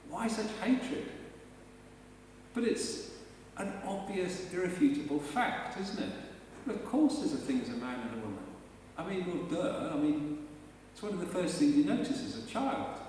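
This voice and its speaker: A man's voice: high-pitched, big pitch swings, moderate pace, pauses often, darkish tone, a little hiss or hum. A man preaching a live sermon in a church, talking conversationally and emphatically and asking the congregation rhetorical questions. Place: large church, indoors. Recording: echoey church hall from far off.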